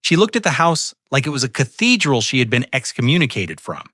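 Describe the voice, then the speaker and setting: An older man narrating a first-person story in a measured, solemn scripted manner. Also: mid-range voice, big pitch swings, pushed and bright, no echo.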